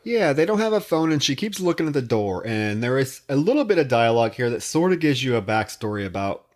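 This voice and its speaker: A man's voice: medium pitch, big pitch swings. A man co-hosting a podcast, casually retelling film scenes. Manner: retells scenes with quick voiced quotes. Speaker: podcast co-host.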